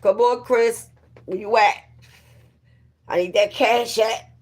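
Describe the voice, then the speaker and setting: Slow-talking woman livestreaming. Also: fairly high pitch, fairly even intonation. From New Jersey. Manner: chatty, playful, greeting viewers by name. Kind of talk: casual live-stream chat.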